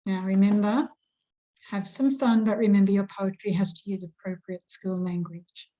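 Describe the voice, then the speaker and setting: A woman teaching an online grammar lesson to schoolchildren, patient and measured, stressing syllables slowly as she recites. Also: medium pitch, fairly even intonation, dark tone, highs cut off.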